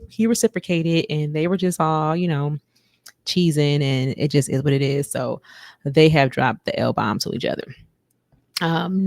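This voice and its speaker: A woman hosting a podcast, recapping a show in a chatty, animated way. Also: low voice, creaky, no echo, studio quality. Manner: chatty, animated, breaks into sung bits and mock quotes. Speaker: podcast host. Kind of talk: casual recap chat.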